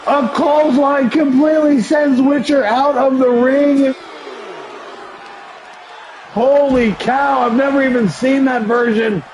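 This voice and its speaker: A man hosting a live stream, calling play-by-play for a wrestling video game in an excitable, often shouting way, with chatty asides to viewers. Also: very high-pitched, takes it slowly, a little hiss or hum, low-quality recording. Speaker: livestream host and commentator.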